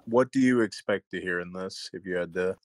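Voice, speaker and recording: A man hosting a casual podcast chat, relaxed and quick to laugh. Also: deep voice. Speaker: podcast host.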